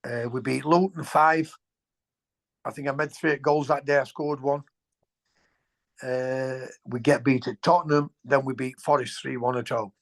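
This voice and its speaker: A man, a former footballer telling colloquial, animated anecdotes as an interview guest. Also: mid-range voice, measured pace. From England. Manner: animated, colloquial, swears, restarts sentences. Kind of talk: anecdotal storytelling.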